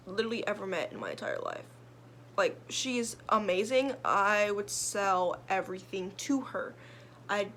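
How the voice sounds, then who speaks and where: A young woman with a slightly high voice talks through her reading list in a chatty, rambling way. She piles on fillers and restarts as she goes. A faint hiss of background noise sits under her voice. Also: fairly bright tone. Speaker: book vlogger. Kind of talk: casual chat.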